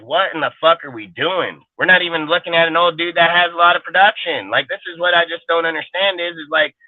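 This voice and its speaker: A man's voice: a little high, dry recording. Man, heated profane rant, sports fan roundtable, tinny phone-like sound, dry close audio. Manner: profane, ranting, emphatic. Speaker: podcast co-host.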